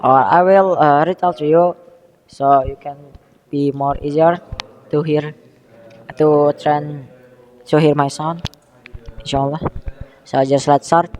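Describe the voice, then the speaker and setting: A young man with an Indonesian accent presents a school history project, speaking slowly and haltingly and often restarting his phrases. His voice sits a little high for a man, with a long reverb trailing behind it. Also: a little mellow. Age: young adult. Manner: halting, self-correcting, reads haltingly from notes. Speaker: student presenter.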